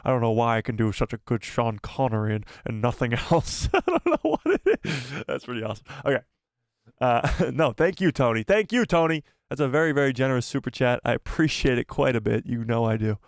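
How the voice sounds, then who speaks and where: Chatty young man with a gravelly edge. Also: mid-range voice, fast talker, no echo, clean studio sound. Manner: chatty, laughs often, thanks donors. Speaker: live-stream host. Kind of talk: casual live-stream chat.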